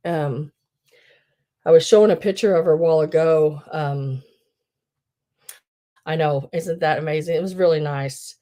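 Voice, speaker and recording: Hosting a live online sale, a woman speaks in a low, mellow voice that stays soft instead of bright. Her talk is chatty and rambling, packed with fillers like "um," and she often starts sentences over.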